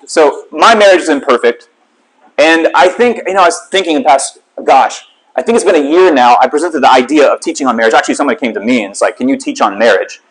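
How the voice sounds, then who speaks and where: A man's voice: a little high, fast, slightly rough, low-quality recording. A man giving a sermon in a candid, conversational storytelling way, as a lay teacher.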